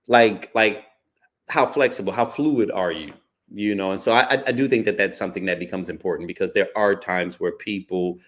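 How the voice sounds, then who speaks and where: Speaking on the low side, this male podcast host talks frankly and casually. Slang and cursing run throughout, and he keeps checking in with "you know" and "right?"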